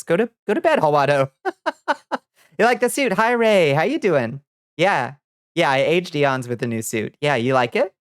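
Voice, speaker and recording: A woman's voice: rumbling low, dry recording, studio quality. A woman streamer chatting casually with her viewers, laid-back and swearing freely as she greets people by name. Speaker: vtuber streamer. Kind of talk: casual livestream chat with viewers.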